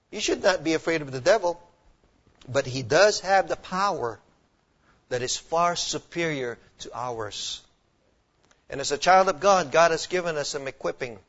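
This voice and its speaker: A male pastor preaching a sermon emphatically, often quizzing his listeners with questions. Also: on the high side. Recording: dull lo-fi recording.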